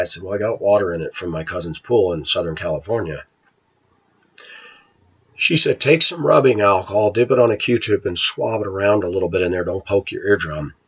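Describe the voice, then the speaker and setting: Blunt ranting man, husky. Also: sits low, fairly bright tone, muffled recording. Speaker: vlogger. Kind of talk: casual monologue to viewers.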